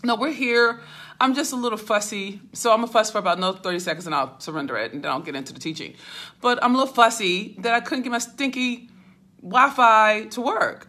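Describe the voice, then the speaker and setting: A woman business mentor with a sharp-toned, mid-range voice hosts a casual livestream from a hotel suite. Holding her phone at arm's length, she fusses and laughs while greeting viewers by name.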